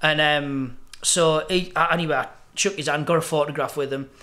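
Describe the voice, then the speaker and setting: Chatty comic, bright fairly high voice, anecdotal. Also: male voice, fairly even intonation, moderate pace. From Hartlepool, England. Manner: chatty, many fillers and restarts. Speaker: comedian and impressionist, guest. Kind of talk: casual chat, anecdotes.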